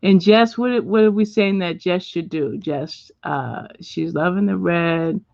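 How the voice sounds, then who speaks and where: A middle-aged woman hosting a casual livestream, chatting and reading viewer comments out loud at home. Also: fairly low pitch, measured pace, gravelly, no echo. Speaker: livestream host. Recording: dull lo-fi dry sound.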